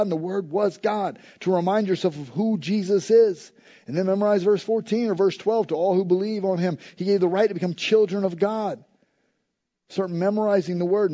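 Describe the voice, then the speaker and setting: A man with a son at school, preaching a conversational sermon and moving between loud emphasis and soft, low asides. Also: muffled recording. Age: adult with a school-age son. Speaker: pastor.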